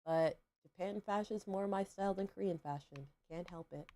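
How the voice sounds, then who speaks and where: A woman's voice: mid-range voice, normal speed, warm tone. A young adult woman hosting a game livestream, chatting casually in a rambling way, full of fillers and questions to herself. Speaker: livestream host. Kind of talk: casual chat while gaming.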